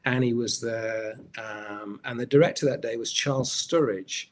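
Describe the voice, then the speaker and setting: A middle-aged man in a conversational interview, telling anecdotes at a mid-range pitch. He rambles as he goes and often restarts his sentences. He sounds like an actor recalling time on set. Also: normal speed. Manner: rambling storyteller, many restarts. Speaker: actor guest.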